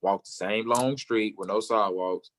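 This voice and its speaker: A young man, a football player, telling his story in an interview and acting out the people he quotes, sometimes jumping way up in pitch for their lines. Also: normal speed. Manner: acts out quoted voices, jumping high for other people.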